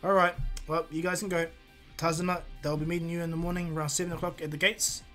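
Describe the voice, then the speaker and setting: Guy doing a calm fatherly old village chief, plain and steady. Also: fairly high pitch, fast, faint music behind, natural voice. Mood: approving. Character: older male village leader, calm and approving.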